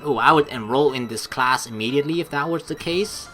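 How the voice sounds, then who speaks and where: A woman's voice: extremely low pitch, brisk, few pauses, fairly bright tone, faint music behind. A woman hosting a visual novel let's play, chatting and joking, swearing casually as she reacts.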